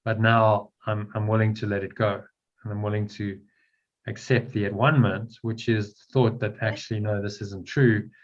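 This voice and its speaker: A man with a fairly low voice guides a spiritual study group over a dull, lo-fi line. He explains things patiently and tends to repeat words as he talks. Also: level tone, normal speed. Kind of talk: guiding a spiritual text discussion. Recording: dull lo-fi sound.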